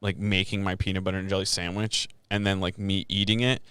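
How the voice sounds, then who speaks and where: A young man hosting a casual podcast, relaxed and joking, with lots of "like". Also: low voice, brisk, clear, resonant tone, no echo. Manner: relaxed, joking, uses "like" a lot. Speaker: podcast host. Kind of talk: casual chat.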